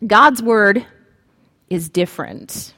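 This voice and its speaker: A woman preacher giving a sermon, speaking slowly and dramatically with long pauses. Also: mid-range voice, lively intonation, pushed and bright, long reverb tail.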